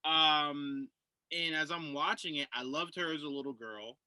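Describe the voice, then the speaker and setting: A man's voice: a little high, measured pace, sharp tone, no room sound, rough recording. A man co-hosting a casual podcast film review, enthusiastic and repeating himself as he talks.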